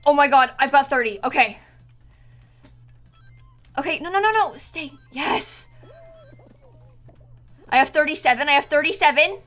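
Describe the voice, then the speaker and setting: Excitable young woman with a lively high voice. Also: measured pace, long pauses, faint music behind. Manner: excitable, squealing and laughing. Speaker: streamer. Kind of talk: casual gaming chat.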